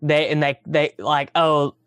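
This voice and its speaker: A man's voice: a little high, level tone, unhurried, a bit bright, clear, resonant tone, dry recording, clean studio sound. A Midwestern American man from Missouri co-hosting a casual podcast, rambling and blunt and repeating words as he goes. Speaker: podcast co-host.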